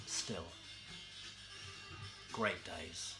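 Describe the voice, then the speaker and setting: Deadpan London man over music. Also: sits low, vocal fry, poor audio. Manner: dry, understated, with pauses and asides. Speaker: comic storyteller. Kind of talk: deadpan comic monologue. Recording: music playing behind.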